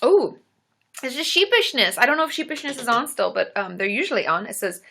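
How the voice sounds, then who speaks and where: A woman's voice: fairly high pitch, expressive, fairly quick, vocal fry, pushed and bright. A woman therapist hosting a casual live Q&A stream, chatty and giggly as she reads viewer comments aloud.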